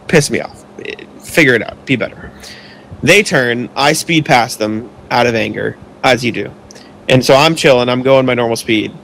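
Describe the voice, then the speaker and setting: A man's voice: mid-range voice, vocal fry, a bit bright, slight background noise. A young man co-hosting a podcast, telling a long story in a rambling, casual way with lots of "like" and some swearing. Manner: rambling, heavy use of filler "like", swears when annoyed. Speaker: podcast co-host.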